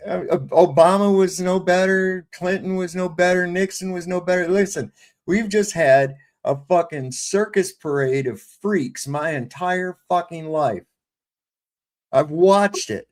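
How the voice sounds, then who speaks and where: A man's voice: sits high, a little slow. An older man ranting in casual, profane, exasperated political chat on a livestream panel.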